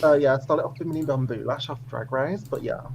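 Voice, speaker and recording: A woman's voice: very deep voice, fast, darkish tone, breathy edge. A woman co-hosting a casual livestream chat, dramatic and self-mocking. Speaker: co-host.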